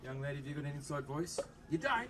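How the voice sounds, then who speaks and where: Over loudspeakers at an outdoor public event, a fast-talking Australian man presents a police demonstration with a fairly high pitch and lively intonation. Jokey and upbeat, he addresses the crowd and chats with the children in it.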